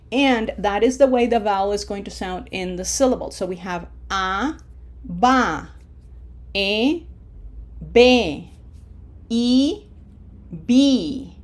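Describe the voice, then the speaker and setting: A woman's voice: mid-range voice, a little mellow. A woman teaching a Spanish pronunciation lesson, patient and encouraging, often checking in with "okay?" and modeling syllables aloud. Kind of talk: online language lesson.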